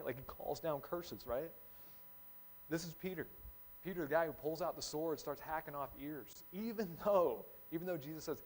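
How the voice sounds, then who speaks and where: A male pastor preaching a casual, conversational sermon, acting out short quotes in lively voices. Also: on the high side, normal speed, a little hiss or hum, rough recording.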